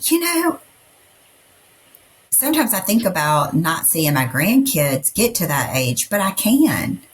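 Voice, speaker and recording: A woman's voice: lowish voice, very animated, takes it slowly. A middle-aged woman co-hosting a podcast, chatting casually and rambling through personal stories with lots of fillers. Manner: rambling, storytelling with many fillers. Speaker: podcast co-host. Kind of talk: casual chat.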